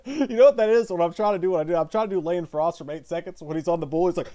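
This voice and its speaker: A man's voice: high voice, rapid-fire, mellow. A man co-hosting a live movie stream in loose, profane, joking banter, sometimes hollering to rally viewers.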